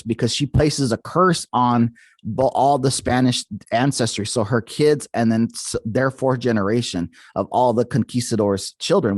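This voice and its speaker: A man's voice: mid-range voice, no room sound, studio quality. A man hosting a paranormal podcast, telling a folk tale in a casual, rambling way with many fillers and restarts. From Arizona. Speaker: podcast host. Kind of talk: casual storytelling.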